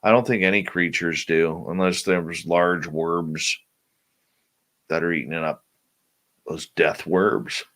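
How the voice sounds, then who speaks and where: A man's voice: sits low, fairly even intonation, measured pace, long pauses, fairly bright tone. A male radio show host in casual chat, drowsily reading out and answering listener questions.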